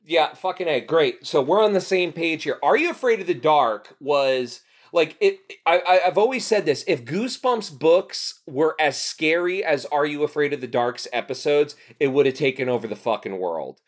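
A man in his thirties from New Jersey chats on a podcast. His delivery is animated and salted with profanity. His voice sits a little high for a man. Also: moderate pace, few pauses. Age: 30s. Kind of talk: casual podcast chat.

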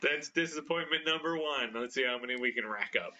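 A man's voice: medium pitch, fast talker, bright, forceful tone, muffled recording. An American man co-hosting a podcast, chatting casually and joking about himself, often laughing. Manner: self-deprecating, laughing often. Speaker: podcast co-host. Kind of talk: casual chat.

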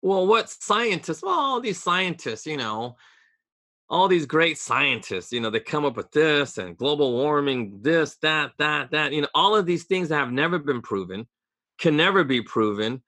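A man talking on a podcast in an opinionated, ranting way, with sarcastic asides. His voice is bright and forceful and sits somewhat high. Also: animated, moderate pace. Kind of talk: casual podcast chat.

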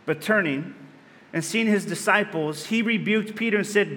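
A man's voice: high voice, normal speed, bright, forceful tone, big-room sound. A man preaching a sermon, earnest and conversational, with rhetorical questions to the congregation. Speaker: pastor.

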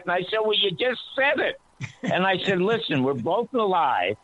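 A man on a talk radio show telling an animated story, his voice climbing high when he quotes himself. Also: normal speed. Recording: tinny phone-line sound, dry.

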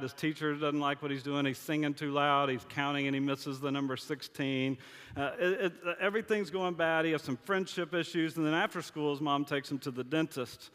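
A man's voice: a little high, a bit bright. A man preaching a sermon as a pastor, casual and joking, often stammering and restarting his sentences. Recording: long reverb of a large hall.

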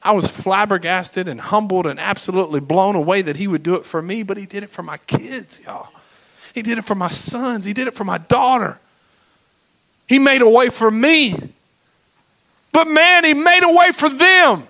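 A man preaching as pastor, impassioned, swinging between loud exclamations and hushed moments. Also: high-pitched, normal speed, low-quality recording. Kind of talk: sermon.

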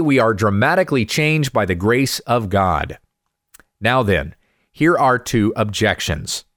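A man, a pastor, giving a measured, methodical Bible study lesson. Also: mid-range voice, no room sound, clean studio sound.

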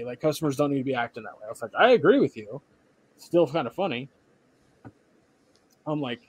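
A young man with a slightly high voice tells a story on a casual chat podcast. He sounds worn out but still animated, and he acts out the people he quotes. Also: brisk, no echo. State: tired. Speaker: podcast co-host.

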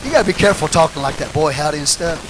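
A man preaching a sermon, swinging between shouted call-and-response lines and low, quiet asides to the congregation. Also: animated, rapid-fire, background noise. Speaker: pastor.

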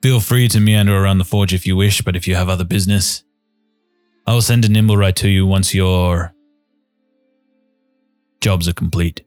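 A man voicing a proud male dwarf master smith who speaks formally, with a lowish voice. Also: steady tone, a little mellow, no room sound, clean studio sound, faint music behind, close to an everyday voice. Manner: formal, measured bargaining.

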